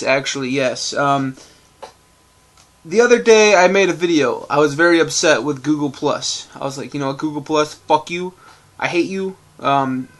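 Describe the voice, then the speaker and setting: Casual male vlogger, a bit high-pitched, loose and profane, talking to camera at home. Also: fairly bright tone. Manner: rambling, loose and profane, many fillers. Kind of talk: casual rambling vlog. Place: at home indoors.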